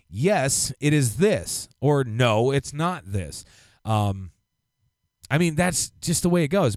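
A man co-hosting a podcast, ranting in a casual, profane, animated way. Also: on the high side, no echo, studio quality. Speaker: podcast co-host. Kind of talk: casual chat.

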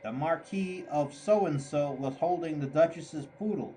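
A man narrating a story aloud in a measured, mock-grand storytelling manner. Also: on the high side, mellow, slight background noise, rough recording. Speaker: audiobook narrator. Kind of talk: scripted narration.

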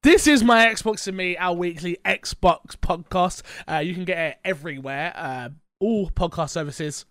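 A fairly high-voiced man with a London accent chats loosely as a podcast host, wandering into jokey tangents. He sounds stuffy with a blocked nose and sore throat. The recording is close and dry. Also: unhurried, few pauses, a bit bright, no echo. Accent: London English. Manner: rambling, joking, tangent-prone. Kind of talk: casual podcast chat.

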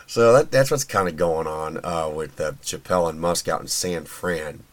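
A man with a very low voice hosts a podcast on his own. He talks in a loose, opinionated, chatty way. He fills his speech with ums and uhs and often restarts his sentences. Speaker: podcast host. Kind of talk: casual solo commentary.

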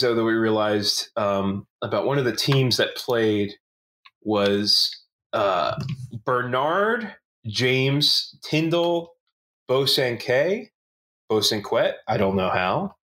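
A man's voice: lowish voice, lively intonation, takes it slowly, a bit bright. A man co-hosting a casual podcast, rambling and joking with lots of restarts and swearing. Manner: rambling, profane, many restarts and fillers, joking. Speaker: podcast co-host. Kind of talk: casual chat.

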